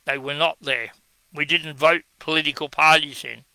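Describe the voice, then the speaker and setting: An Australian man argues in a blunt, scornful monologue. His voice sits a little high with a gravelly edge and a forceful, bright tone. The recording is dry and close. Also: fairly even intonation, normal speed, no echo, rough recording. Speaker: online commentator answering viewer comments. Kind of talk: combative monologue.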